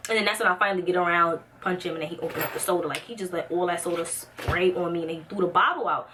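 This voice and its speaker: A young woman telling a dramatic storytime, acting out the quotes with lively, rising pitch. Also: quick pace, recorded from a distance, noisy background. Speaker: vlogger. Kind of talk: storytime vlog.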